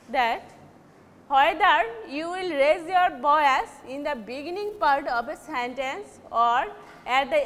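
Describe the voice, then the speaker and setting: A woman teaching an English lesson, explaining slowly and often restarting or correcting herself. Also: high-pitched, fairly bright tone. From Bangladesh. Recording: reverberant hall with faint noise.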